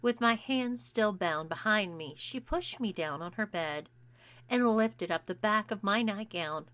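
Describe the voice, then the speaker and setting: Female narrator, audiobook reading, slow pace, bright tone. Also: medium pitch, expressive, no echo. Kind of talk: scripted first-person story narration.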